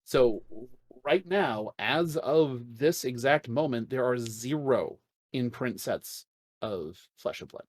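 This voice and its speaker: Animated man co-hosting a podcast. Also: mid-range voice, takes it slowly, no room sound. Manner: animated, swearing, joking. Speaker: podcast co-host. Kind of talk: casual podcast chat.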